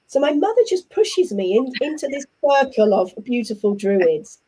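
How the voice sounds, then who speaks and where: Guest, English woman, middle-aged, warm mellow voice, chatty and animated storyteller. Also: on the high side, moderate pace, slightly rough. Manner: animated, chatty storyteller who acts out what others said. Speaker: interview guest. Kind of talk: casual conversational storytelling.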